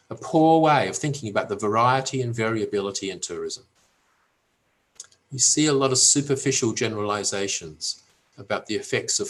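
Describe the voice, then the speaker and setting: Measured older Australian man lecturing. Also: fairly low pitch, husky. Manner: measured, emphatic, with dry humour. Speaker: professor giving a webinar talk. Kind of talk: academic lecture. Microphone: webinar recording.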